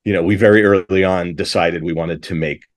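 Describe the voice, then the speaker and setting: A man's voice: sits low, steady tone, a little fast. A middle-aged man, a composer and director, talking casually and enthusiastically in an interview, rambling with many restarts and false starts.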